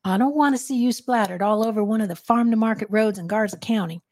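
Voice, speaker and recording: A woman voicing a gruff middle-aged male Texas deputy with a Southern drawl, stern but fatherly. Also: mid-range voice, lively intonation, normal speed, mellow, dry recording, clean studio sound, lightly acted. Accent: Texan Southern.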